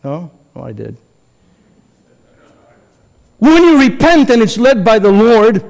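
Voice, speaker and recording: Male pastor, high-pitched, emphatic sermon delivery, dramatic pauses, long hall echo. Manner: emphatic preaching with dramatic pauses and quoted voices.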